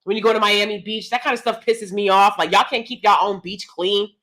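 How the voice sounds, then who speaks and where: A woman's voice: mid-range voice, fairly even intonation, fairly quick, a bit bright. A woman telling a personal story in a casual, ranting monologue, acting out both sides of the exchange and repeating herself as she gets exasperated. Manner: exasperated, repeats words and restarts.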